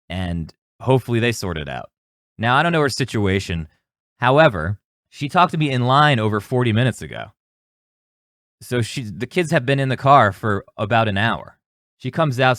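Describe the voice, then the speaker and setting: A man's voice: lowish voice, fairly bright tone, no room sound, studio quality. A young man hosting an advice podcast, telling a rambling, jokey story with some cursing. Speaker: podcast host. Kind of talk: casual solo storytelling.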